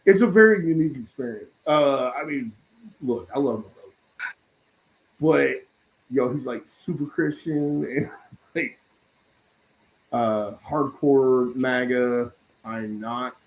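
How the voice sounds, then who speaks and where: The recording is low quality, and this mid-range male voice moves slowly with long pauses. He hosts a casual podcast stream, swearing freely, laughing and telling animated stories.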